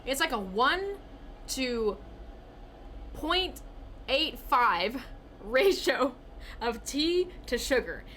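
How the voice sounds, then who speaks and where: Chatty high-voiced woman hosting a stream. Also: fairly bright tone, a little hiss or hum. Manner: chatty, rambling, with frequent restarts and laughs. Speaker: livestream host. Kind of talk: casual livestream chat. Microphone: desk camera mic.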